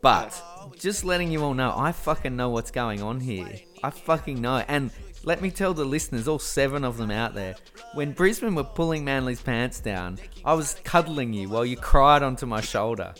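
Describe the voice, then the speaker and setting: An Australian man rants through a casual podcast chat, swearing freely as he talks. His voice sits at an ordinary pitch, with faint music behind. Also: normal speed. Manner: swearing, ranting, animated. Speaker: podcast co-host.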